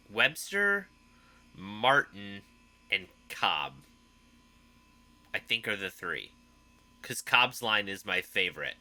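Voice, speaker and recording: Animated bright-voiced podcast co-host. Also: male voice, fairly low pitch. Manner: animated, acts out quoted lines in silly voices. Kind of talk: casual podcast chat.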